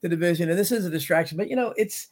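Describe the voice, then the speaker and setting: A man's voice: sits high, rapid-fire. A male show host talking about politics casually, rambling from one tangent to the next. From United States. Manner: rambling, animated, jumps between tangents.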